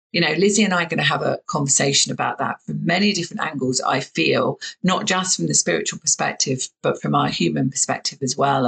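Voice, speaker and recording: A woman's voice: deep voice, creaky, a bit bright, husky, poor audio. A woman with a Southern English accent hosting a podcast interview, chatty and enthusiastic, with lots of affirming "yeah"s. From England. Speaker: podcast host. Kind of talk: casual interview chat. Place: home in the UK, remote call.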